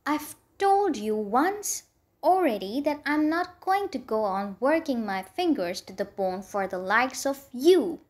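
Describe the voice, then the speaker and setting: A woman's voice: high-pitched, animated, takes it slowly. A woman voicing an envious, spiteful young maid who speaks rudely and sneeringly in a storybook reading. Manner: rude, sneering.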